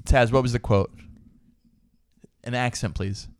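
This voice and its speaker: Speaking at a measured pace in a mid-range voice with fairly even intonation, this podcast co-host chats casually on a comedy show. He laughs a lot between jokes and slips into brash voices for bits, and the recording is dry.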